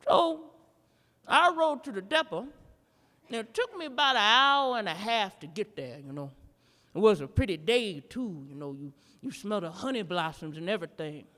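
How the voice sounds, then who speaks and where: A woman's voice: medium pitch, expressive, normal speed, a bit bright, big-room sound. A woman reenacting a stand-up routine, telling a profane story with drawling, rhythmic asides. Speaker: stand-up performer. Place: art museum performance space.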